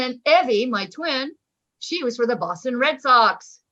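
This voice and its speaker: Animated woman in her sixties from Oklahoma. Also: a little high, measured pace. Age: 60s. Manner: chatty, animated, enthusiastic. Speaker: storyteller. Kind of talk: personal storytelling. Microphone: video call. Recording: muffled video call audio.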